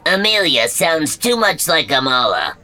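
A man voicing a smooth-talking little male alien dealmaker in an audiobook. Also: fairly high pitch, big pitch swings, pushed and bright, pitched above the performer's own voice, exaggerated voice. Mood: wheedling. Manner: brisk, wheeling-dealing.

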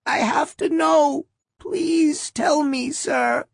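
A man's voice: very high voice, steady tone, extremely slow, creaky, no room sound, studio quality, voice pushed up, full character voice. A man voicing a frail elderly woman buried underground who pleads to be let out, in a quavering, plaintive voice for an audiobook. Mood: pleading.

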